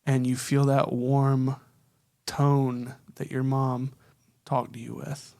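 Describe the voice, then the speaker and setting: A man's voice: medium pitch, little pitch movement, takes it slowly, vocal fry, warm tone, no echo, clean studio sound. A young man narrating a tabletop game as dungeon master, casual and laid-back, swearing freely.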